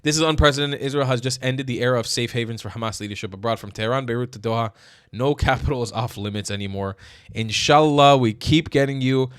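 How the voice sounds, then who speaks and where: A man hosting his own channel, giving blunt, profane, excitable reaction commentary. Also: medium pitch, fast, clear, resonant tone, no echo, studio quality. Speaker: political commentator, channel host.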